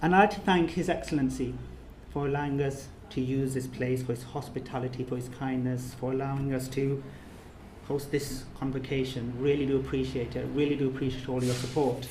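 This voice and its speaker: A man's voice: mid-range voice, little pitch movement, brisk, darkish tone, slight background noise. Earnest man speaking in an echoey room. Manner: earnest, repetitive, building to emphatic peaks. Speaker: course leader giving a speech. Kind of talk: emotional thank-you speech. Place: reception room of an official residence.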